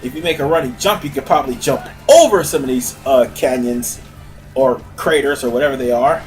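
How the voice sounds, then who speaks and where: A man's voice: medium pitch, brisk, darkish tone, faint music behind. A man giving casual, rambling let's-play commentary as host of a gaming video, often correcting himself. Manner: chatty, rambling, self-correcting.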